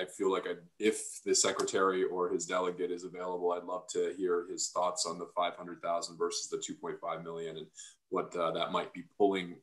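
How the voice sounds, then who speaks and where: A senator asking polite, tentative questions in a committee meeting. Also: male voice, low-pitched, fairly bright tone, low-quality recording.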